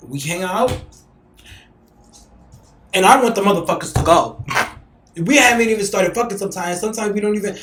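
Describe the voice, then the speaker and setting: Fast-talking, animated man. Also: sits high, reverberant, a little hiss or hum. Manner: animated, profane storytelling. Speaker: podcast host. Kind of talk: casual chat.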